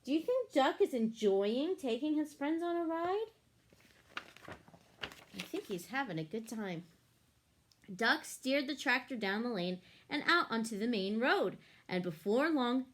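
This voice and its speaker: Lady reading a kids book out loud, bouncy high voice, asks the kids stuff. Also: measured pace. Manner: animated, asks the listeners questions. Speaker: storyteller reading to children. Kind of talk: picture-book read-aloud.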